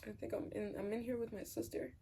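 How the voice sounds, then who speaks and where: A woman's voice: fairly high pitch, little pitch movement, fast talker, vocal fry, warm tone, slight background noise. A young woman candidly telling a personal story to camera, rambling and swearing freely. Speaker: vlogger.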